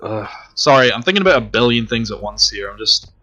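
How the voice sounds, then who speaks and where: A man talks through his gameplay in a casual, rambling way, swearing freely and poking fun at himself. His voice sits low but has a bright, forceful edge. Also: lively intonation, brisk. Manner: rambling, profane and self-mocking. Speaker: let's play commentator.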